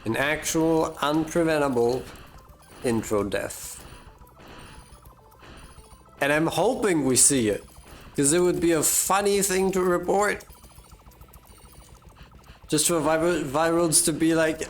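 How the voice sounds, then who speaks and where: Unhurried guy streamer, rambling live chat. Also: a little high, soft background music. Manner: rambling, self-mocking jokes, drawn-out fillers. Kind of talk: casual live-stream chat while gaming.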